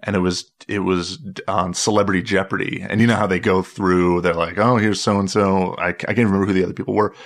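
A man with a very low voice in a relaxed conversation. He rambles through his story with frequent stops, restarts and filler words. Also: quick pace, hardly any pauses. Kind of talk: casual chat.

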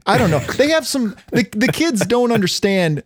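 Brief: young male co-host, high pitch, wry plot recaps. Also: big pitch swings, moderate pace, slight background noise. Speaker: podcast co-host. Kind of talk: casual comedic chat.

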